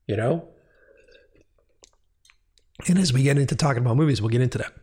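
A man talking casually and animatedly about video editing, swearing freely and acting out his own excited reactions. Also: medium pitch, brisk, slightly rough. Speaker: video editor and director. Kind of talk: casual rambling monologue.

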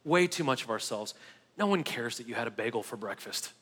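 A man's voice: medium pitch, expressive, a little fast, a bit bright, big-room sound. A male pastor delivering an emphatic sermon, repeating key phrases and calling the congregation "guys". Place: church sanctuary.

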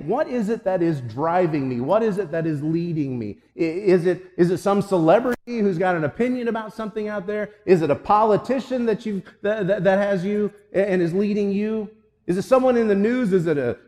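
A man's voice: a little high, darkish tone, long reverb tail. A male pastor preaching a sermon, telling a story and then pressing emphatic, repeated questions on the congregation.

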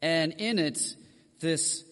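A man's voice: on the high side, takes it slowly, a bit bright, long reverb tail. A man preaching a sermon, speaking straight to his congregation with frank asides. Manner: direct, addresses the congregation with asides.

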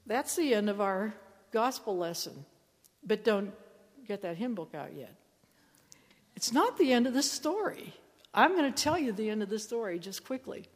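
A woman's voice: medium pitch, animated, normal speed. Woman preaching in a reverberant church. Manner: storytelling, acts out quoted lines playfully. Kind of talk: sermon.

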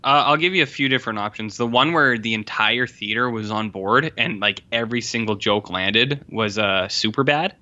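A man's voice: lowish voice, moderate pace, hardly any pauses, sharp tone. A man co-hosting a podcast in casual chat, loose and swearing freely, acting out the lines of people in his stories. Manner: loose, swears freely, acts out quoted dialogue. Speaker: podcast co-host. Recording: slightly dull, lo-fi sound.

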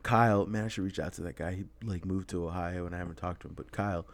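A man's voice: sits low, steady tone, fast talker, dry recording. A young man hosting a podcast, telling rambling stories in casual chat, laughing often and swearing freely. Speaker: podcast host.

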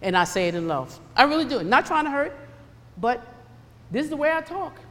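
A woman preaching a sermon, emphatic and animated, swinging between loud bursts and hushed asides. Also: high voice, fairly quick, big-room sound.

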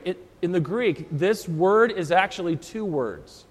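A man's voice: sits high, animated, unhurried. A man preaching a sermon as pastor, walking through scripture verse by verse and repeating key phrases. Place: church. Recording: long church reverb.

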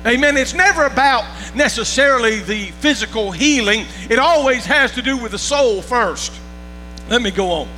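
A man's voice: very high voice, animated, moderate pace, sharp tone. A man preaching a sermon as pastor, folksy, repeating words and checking that the congregation follows along. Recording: long reverb with faint music and mains hum.

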